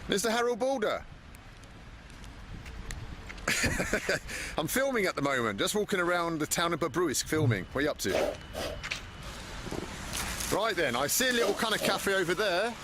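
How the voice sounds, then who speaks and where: A man's voice: on the high side, very animated, a little fast, pauses often. A man narrating a casual travel vlog to his handheld camera, chatty and wry, walking through town streets and later sitting in a bar. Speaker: travel vlogger. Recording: loud street noise from a video clip.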